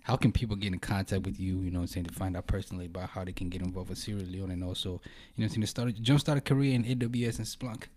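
Man, podcast host, quick talker, lowish voice, slangy and laid-back. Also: fairly even intonation, darkish tone. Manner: laid-back, slangy, says "you know what I'm saying" a lot. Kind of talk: casual chat.

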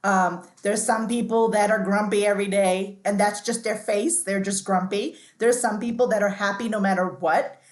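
A woman's voice: medium pitch, fairly even intonation, moderate pace, hardly any pauses, reverberant. A woman guest on an interview podcast, telling stories in a chatty, candid way, often restarting and saying "like".

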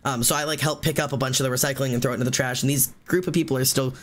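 A man streaming live, telling a long story in casual chat, rambling and fast with many fillers and restarts. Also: mid-range voice, fairly even intonation, a bit bright.

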